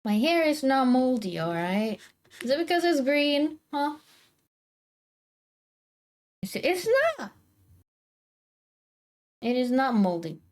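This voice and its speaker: Chatty woman streamer, lively voice. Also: high-pitched, slow pace, pauses often. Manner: chatty, talks to her cats and to chat, teasing indignation. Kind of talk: casual livestream chat while drawing. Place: home, indoors. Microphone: desk microphone.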